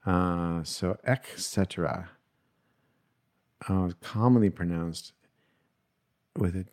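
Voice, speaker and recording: A man's voice: fairly low pitch, a little mellow. A man hosting a solo podcast, chatting casually, mocking his own mistakes, laughing often, and thinking aloud with plenty of ums and uhs. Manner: thinks aloud with many fillers. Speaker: podcast host.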